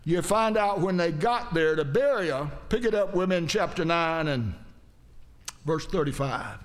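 A man's voice: on the high side, animated, measured pace. A man preaching a sermon, retelling a Bible story in a folksy, dramatic way with frequent asides to his listeners.

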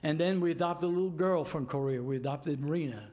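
An older man from New York tells a personal story in a casual, animated way, acting out the voices of the people in it. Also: a little high, quick pace. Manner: animated, repeats "I said" and acts out voices in his story. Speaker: storyteller giving a testimony.

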